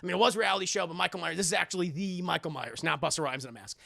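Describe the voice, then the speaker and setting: A streamer casually retelling a story to chat, profane and animated, laughing often. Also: mid-range voice, racing, gravelly. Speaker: streamer recapping a film.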